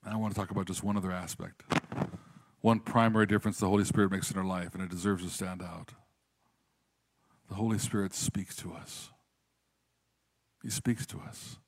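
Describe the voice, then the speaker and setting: A pastor preaching to a congregation, telling a story with lively quoted voices and then speaking more quietly and earnestly. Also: male voice, mid-range voice, no echo. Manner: animated storytelling, raises voice for quoted prayers. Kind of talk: sermon with storytelling.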